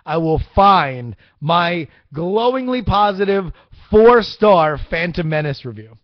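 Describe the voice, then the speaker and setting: A young man hosting a casual live-streamed podcast, answering chat with rambling, profane, excitable rants. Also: high-pitched, measured pace, few pauses, no echo, dull audio. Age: young adult. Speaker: podcast host.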